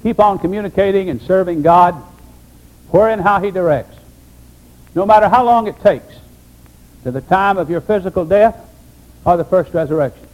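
A man pastor preaching an emphatic sermon, dropping low for solemn points. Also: moderate pace, pauses often, lo-fi sound.

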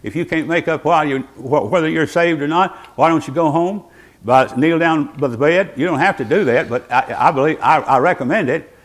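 A man's voice: fairly high pitch, normal speed. A man, preaching a sermon to his church while seated, with folksy asides to the congregation. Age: 80s. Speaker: pastor.

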